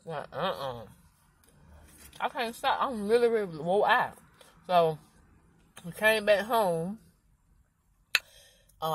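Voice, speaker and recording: A woman's voice: on the low side, poor audio. A pregnant mother of five, tired and out of breath, chatting casually to her vlog viewers in loose slang.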